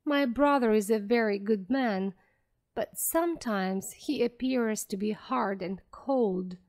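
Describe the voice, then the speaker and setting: A woman reading the lines of a kind, caring young woman in a storybook, warm and concerned. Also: on the high side, takes it slowly.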